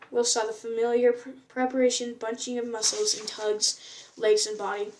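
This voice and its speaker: A woman's voice: a little high, little pitch movement, moderate pace, darkish tone, recorded from a distance, a little hiss or hum. A woman reading a novel aloud in an unpolished way, often stumbling and restarting words. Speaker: reader.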